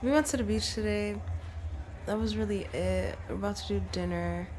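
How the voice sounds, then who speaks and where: A Trinidadian woman in her early twenties vlogs her holiday at a Jamaican resort, chatting loosely and using lots of fillers. Her mid-range voice is a little mellow at normal speed, and the recording has slight hiss or hum.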